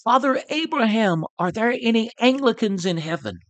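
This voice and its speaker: A man's voice: very high voice, very animated, moderate pace, voice pushed up, exaggerated voice. A man voicing a fervent 18th-century preacher calling out dramatically to a huge outdoor crowd. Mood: pleading cry. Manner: dramatic, shouting upward pleas.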